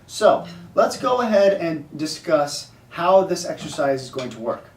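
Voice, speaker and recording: Recorded off-mic in an echoey, noisy room, this man teaches a drumming exercise at an unhurried pace. His voice is slightly high and very animated as he casually talks through sticking and counts the rhythms out loud.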